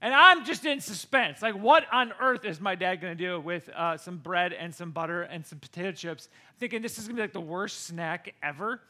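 A man's voice: high voice, fairly quick, hardly any pauses. A middle-aged man casually telling a personal story to camera, acting out the voices of the people in it with big swings. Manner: animated, acts out quoted voices with big swings. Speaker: vlogger.

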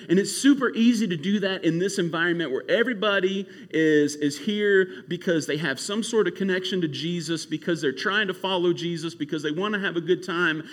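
A male youth camp speaker delivering a sermon. He talks in a casual, animated storytelling style. His voice sits high and sounds bright and forceful.

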